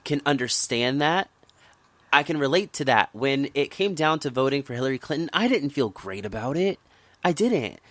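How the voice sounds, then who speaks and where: A man's voice: mid-range voice, sing-song, normal speed, a bit bright, no room sound. Impassioned man talking politics. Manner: impassioned, emphatic, repeats words when worked up. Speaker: podcast host. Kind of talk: casual political chat.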